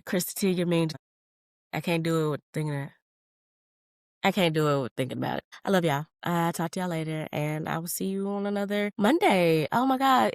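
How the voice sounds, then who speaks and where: A woman in her thirties talks alone on her podcast in a fairly low voice. She is candid and profane, calls her listeners honey, and wanders from tangent to tangent. The sound is close and dry, with no room around her. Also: no echo. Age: 30s. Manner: jumps between tangents. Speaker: podcast host. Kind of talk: solo podcast monologue.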